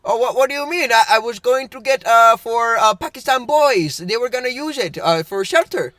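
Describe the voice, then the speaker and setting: Young guy doing a deadpan Indian-accented dealer man, stern and mock-offended, higher-pitched and loud. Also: normal speed, no room sound, clean studio sound. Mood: mock-serious. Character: deadpan joking man, gruff mean-mugging car dealer.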